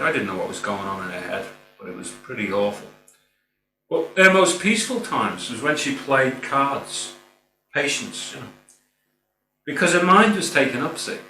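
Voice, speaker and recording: A man's voice: mid-range voice, bright, forceful tone. A middle-aged man giving an earnest, informal spiritual talk, rambling a little and often saying "you know". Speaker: spiritual speaker. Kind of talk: spoken reflective talk. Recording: roomy, distant mic with faint hum.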